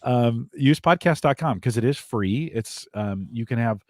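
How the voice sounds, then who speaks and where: A man co-hosting a podcast in casual chat, explaining in a relaxed way, trailing off and restarting. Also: mid-range voice, unhurried, no room sound, clean studio sound. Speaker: podcast co-host.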